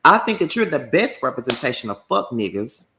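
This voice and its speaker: A man delivering a combative, profane commentary rant packed with rapid-fire rhetorical questions. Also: medium pitch, very animated, pushed and bright, slight background noise. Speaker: commentary YouTuber.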